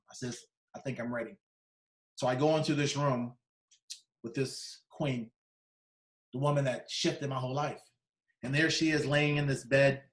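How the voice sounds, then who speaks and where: Man giving an emotional keynote, echoey. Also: medium pitch. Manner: storytelling, quoting others, voice dropping soft in tender moments. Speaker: keynote speaker. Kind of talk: emotional motivational speech. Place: conference video call.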